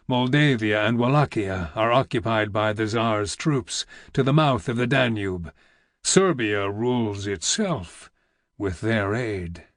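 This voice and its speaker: A man reading an audiobook, voicing a weary, heavy old vizier who speaks slowly in a deep, rumbling, almost whispered growl. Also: dry recording, studio quality, lightly acted. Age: older. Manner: slow, grave and weighty.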